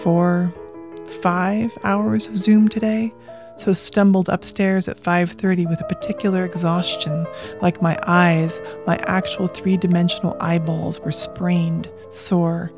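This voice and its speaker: Reading their own journal entries, a Colorado adult speaks quietly and steadily in a mid-range voice with a level tone, occasionally whispering. Faint music sits behind the dry, close-miked sound.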